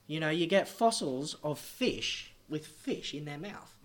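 A man's voice: on the high side, expressive, a little slow. A man preaching a sermon, telling a story and then building to emphatic, repeated warnings.

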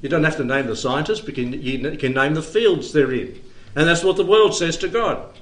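A man preaching a sermon and leading a prayer in a church, earnest and emphatic, with long pauses. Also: a little high, fairly bright tone.

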